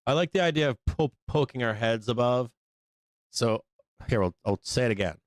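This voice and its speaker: A man's voice: medium pitch, lively intonation, normal speed, no room sound. A man hosting a live trading stream, talking in a rambling, profane way full of fillers and mocking quotes of other traders. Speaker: livestream trading host. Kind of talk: casual live-stream commentary.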